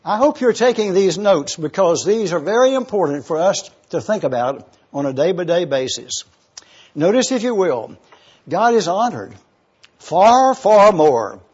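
A man preaching a sermon, slow and emphatic, stopping to spell out words for his listeners. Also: a little high, a little mellow, husky. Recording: dull lo-fi recording.

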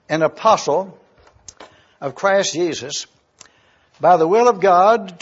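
A man preaching a sermon, slow and deliberate as he teaches from Scripture and spells out words. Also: high voice, lo-fi sound. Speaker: pastor.

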